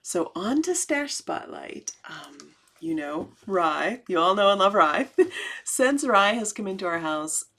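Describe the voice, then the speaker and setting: A woman's voice: mid-range voice, sing-song, slow, a bit bright. A middle-aged American woman hosting her cross-stitch channel, chatting casually to viewers and laughing easily as she shows projects. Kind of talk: casual show-and-tell vlog.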